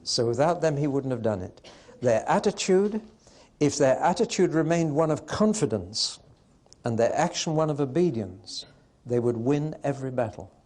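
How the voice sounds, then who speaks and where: Male preacher, mid-pitched voice, emphatic and wry, delivers a sermon to a hall audience. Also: lively intonation, moderate pace, darkish tone.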